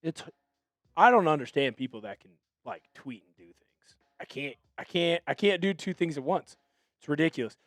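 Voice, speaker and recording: A man hosting a fan live stream, calling plays in an excitable, chatty way and apologizing when he gets carried away. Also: fairly high pitch, a little fast, dry recording, studio quality.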